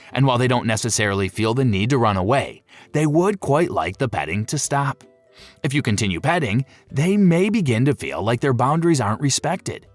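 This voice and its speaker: Lively, playful male narrator. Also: medium pitch, dry recording. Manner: playful, with jokey asides. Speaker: narrator of a pet-care video. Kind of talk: scripted narration.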